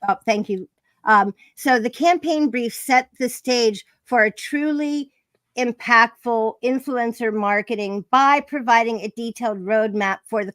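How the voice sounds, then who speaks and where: A woman's voice: a little high, fairly bright tone, dry recording. A woman hosting a live-streamed interview, chatty and effusive, with many fillers and restarts. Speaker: podcast host.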